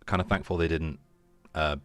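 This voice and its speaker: Very deep-voiced man, dry sound. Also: steady tone, moderate pace, a bit bright, dry recording, soft background music. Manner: chatty, questioning, jokey. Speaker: player. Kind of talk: casual chat at a tabletop game.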